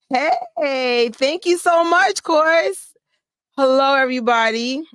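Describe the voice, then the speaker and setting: A woman's voice: sits high, slow pace, no room sound, studio quality. Chatty woman hosting a fan live stream. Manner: chatty and excitable, greets viewers by name, laughs often. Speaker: fan channel host. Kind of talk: casual live stream chat. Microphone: desk microphone.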